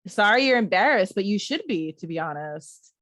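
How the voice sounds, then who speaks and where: A woman's voice: mid-range voice, lively intonation, normal speed, background noise. A young woman co-hosting a podcast in casual chat, adding wry, dry remarks. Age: young adult. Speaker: podcast co-host.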